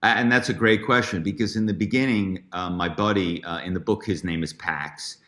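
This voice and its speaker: Man, very low voice, chatty storyteller, lots of fillers. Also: fairly even intonation, brisk, fairly bright tone. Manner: chatty, many fillers and restarts. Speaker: guest, author and former corporate spy. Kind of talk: storytelling interview.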